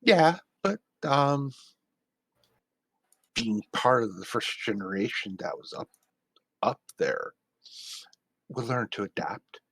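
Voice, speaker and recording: A man voicing a reserved, space-born character who answers calmly and briefly. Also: medium pitch, breathy edge, dry recording, exaggerated voice. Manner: terse, calm, measured answers.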